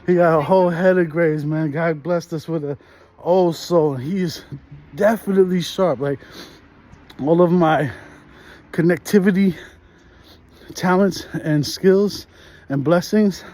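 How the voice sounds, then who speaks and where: A vlogger in his thirties with a New York accent films himself on a phone while strolling down a residential street, rambling in laid-back slang and laughing a lot. His voice sits on the high side and is a little mellow, unhurried, with frequent pauses, in casual walk-and-talk chat.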